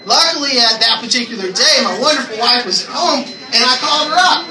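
A man sharing a personal testimony in church, telling his story in an animated way and acting out his own prayers. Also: very high voice, brisk, a crowd in the background. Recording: echoey room from far off, noisy ambience.

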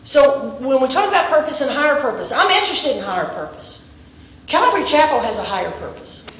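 A woman preaching a sermon to her congregation, animated and asking them questions. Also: sits high, brisk, a little hiss or hum. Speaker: pastor. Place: church sanctuary. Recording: echoey room, voice from a distance.

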